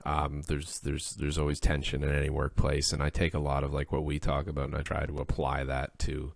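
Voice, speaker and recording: A man's voice: extremely low pitch, monotone, a little fast, creaky, no echo, clean studio sound. A man co-hosting a podcast in casual chat, rambling and acting out the things people say to him. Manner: rambling, acts out quoted speech. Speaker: podcast co-host; workplace supervisor.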